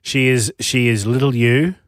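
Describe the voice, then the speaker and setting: A man's voice: mid-range voice, moderate pace, no room sound. A man co-hosting a casual radio chat, adding dry, wisecracking interjections. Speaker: radio co-host. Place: radio studio.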